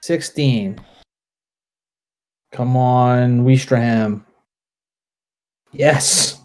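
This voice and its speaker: A man playing a tabletop wargame, calling out dice results and unit moves in a relaxed, deliberate way. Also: mid-range voice. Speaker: wargame player. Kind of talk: casual play-through commentary.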